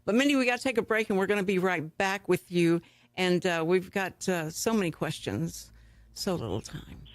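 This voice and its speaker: A woman's voice: fairly low pitch, lively intonation, no room sound. A woman hosting a radio talk show, reacting eagerly to her guest. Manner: enthusiastic, quick to react. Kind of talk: casual interview chat.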